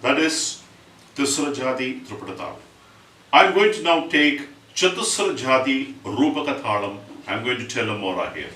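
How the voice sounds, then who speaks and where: A man teaching Carnatic rhythm, explaining step by step and reciting rhythm syllables loudly and fast. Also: mid-range voice, expressive, a little hiss or hum. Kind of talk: spoken music lesson with recited rhythm syllables. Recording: roomy, distant mic, faint ambience.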